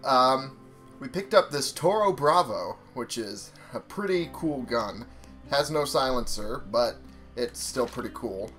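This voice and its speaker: A man's voice: mid-range voice, expressive, a little slow, a bit bright, faint music behind. A young man casually commenting on a video game he is playing, talking to his viewers and swearing freely. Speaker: gaming YouTuber.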